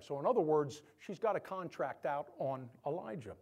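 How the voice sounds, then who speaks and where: A male pastor delivers a sermon in a high, lively voice that swings up and down. He jokes with the congregation and acts out the Bible figures as he tells their stories. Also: normal speed, few pauses, breathy edge. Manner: animated, joking asides to the congregation.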